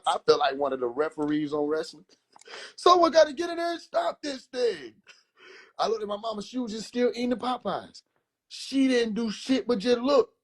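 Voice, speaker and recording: A man hosting a livestream, telling family stories in a casual, profane, animated way with frequent laughter. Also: a little high. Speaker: livestream host.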